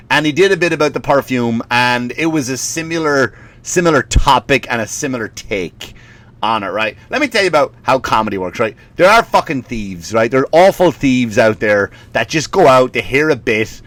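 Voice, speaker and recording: With a medium-pitched, fairly bright voice, an Irish man who does stand-up goes off on a meandering comedic rant. He curses frequently and cracks himself up over his own tales.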